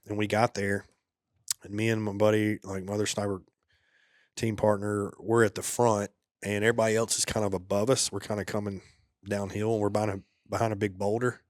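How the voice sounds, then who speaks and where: A man with a fairly low voice recounts his time in combat as a podcast guest. He talks casually and laid-back, sinking into a hushed murmur at the grim moments. The recording is dry and close. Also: little pitch movement, brisk, no room sound. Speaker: podcast guest, former soldier. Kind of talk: casual war storytelling.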